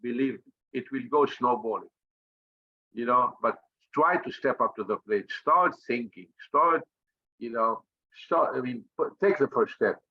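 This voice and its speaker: A man's voice: mid-range voice, a little slow, dull audio. A man who leads a think tank, giving a fiery, profane motivational talk with blunt, combative emphasis and lots of repetition.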